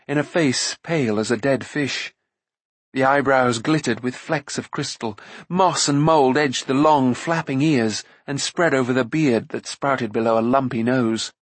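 A man with a husky voice narrating a fantasy novel in expressive, measured storytelling. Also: medium pitch, dry recording. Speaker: audiobook narrator.

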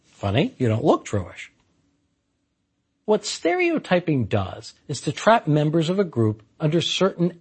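Lively, husky-voiced male philosophy lecturer. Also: fairly high pitch. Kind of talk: scripted lecture.

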